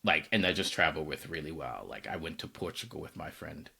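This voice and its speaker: A man co-hosting a conversational podcast, his voice swooping up and down as he tells personal stories. He sounds bright and forceful, and he slips into the voices of the people he quotes. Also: a bass voice, a little fast, creaky, husky. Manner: animated, acts out quoted dialogue. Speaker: podcast co-host. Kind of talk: casual conversational storytelling.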